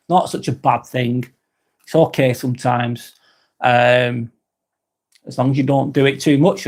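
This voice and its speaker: A man hosting a casual livestream chat, reading out viewer comments, swearing casually and laughing often. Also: medium pitch. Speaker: livestream host.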